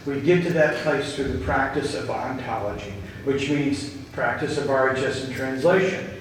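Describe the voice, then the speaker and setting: A man giving an earnest inspirational talk to a gathered group, telling stories slowly and with emphasis. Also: mid-range voice, a little hiss or hum. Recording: echoey hall, distant mic.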